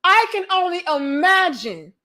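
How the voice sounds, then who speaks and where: A crude, careless young man, boastful and full of profanity, fires off incredulous questions, as a woman mimics him. The voice sits high for a man. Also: very animated, unhurried, pushed and bright, exaggerated voice.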